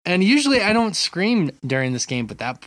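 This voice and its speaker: A man co-hosting a casual gaming podcast from his apartment, telling stories with lively swearing and restarts. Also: high-pitched, fairly quick, dry recording. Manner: animated storytelling, frequent swearing. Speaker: podcast co-host. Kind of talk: casual chat.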